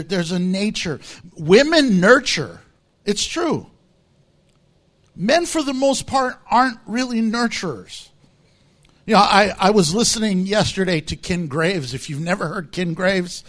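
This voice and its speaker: Male pastor, middle-aged, lively sermon delivery, higher-pitched voice, acts out quotes. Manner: animated preaching with acted-out quotes and laughter.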